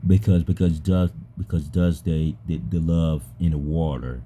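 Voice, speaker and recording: A man with a deep voice chatting casually with an AI, halting and stammering and repeating his words. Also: fairly even intonation, warm tone, slight background noise. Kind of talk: casual chat with an AI.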